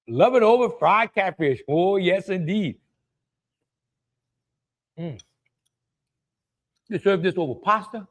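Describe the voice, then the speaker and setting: Taking things slowly and pausing often, this Louisiana-accented cooking show host chats through a relaxed live stream in an expressive voice that sits high. He calls out viewers by name, exclaims a lot, and laughs frequently.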